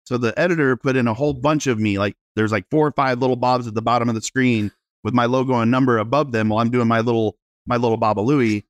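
Realtor guy on an interview, animated storytelling, mid pitch, dry. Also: quick pace, dry recording. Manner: animated, self-deprecating storyteller. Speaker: realtor guest.

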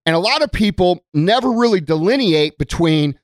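A man's voice: high voice, expressive, normal speed, no echo, clean studio sound. A man giving a blunt, profane, emphatic motivational talk to his followers. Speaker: motivational content creator. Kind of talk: motivational monologue.

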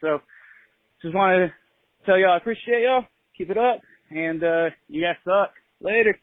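A young man from California calls in to a show and leaves a friendly, laid-back voicemail. His voice sits high and comes through a thin, tinny phone line. The sound is dry, with no room around it. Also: normal speed, no room sound. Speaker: caller. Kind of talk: voicemail to a podcast.

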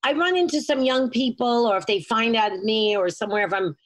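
A woman's voice: on the high side, brisk. A middle-aged woman, a guest, chatting casually and telling rambling stories, often stopping and restarting her sentences. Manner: rambling, self-interrupting, animated storyteller. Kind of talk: casual chat.

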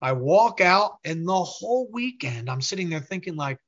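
A man with a fairly high, bright voice tells a business story as an interview guest. He is animated and acts out the people he quotes. The audio is a bit dull and lo-fi. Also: moderate pace.

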